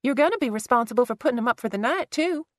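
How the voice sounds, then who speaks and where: A woman's voice: a little high, lively intonation, fast, no echo, clean studio sound, voice pushed up, close to an everyday voice. A woman voicing a blunt younger sister who needles and pushes in an audiobook. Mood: needling.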